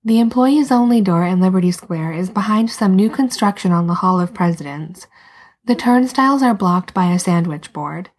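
A woman reading a story aloud as narrator, soft and unhurried, sometimes dropping to a whisper. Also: medium pitch, expressive. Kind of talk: scripted narration.

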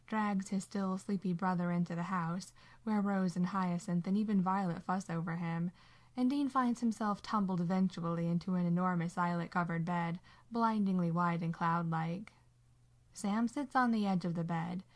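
A woman narrating a story in a calm, unhurried storytelling manner. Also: medium pitch. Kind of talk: audiobook narration of fan fiction.

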